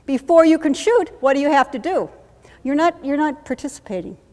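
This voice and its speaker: A woman's voice: sits high, animated, a little mellow. Commanding woman coaching in a reverberant hall. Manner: brisk, commanding coaching with chanted repetitions. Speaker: workshop presenter. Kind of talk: live training demonstration. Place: conference room.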